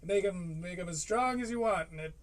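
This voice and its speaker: A male streamer host giving casual live-stream commentary in a chatty, self-deprecating way, with quick asides. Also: high voice, distant mic.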